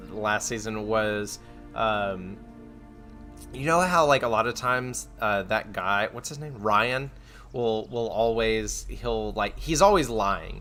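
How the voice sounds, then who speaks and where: Young guy streamer rambling about a show, bright voice, faint music behind. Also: on the low side. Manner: rambling, lots of likes and restarts, laughing. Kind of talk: casual chat.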